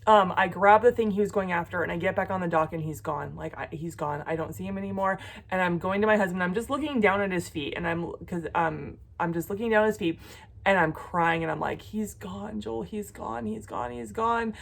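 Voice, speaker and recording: A woman's voice: lowish voice, fast talker. A woman vlogger talking casually about her crafting, then earnestly praying for her viewers, with frequent ums. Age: adult with a son. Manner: chatty, with frequent ums and self-corrections. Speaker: jewelry-making vlogger. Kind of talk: casual vlog chat and prayerful encouragement.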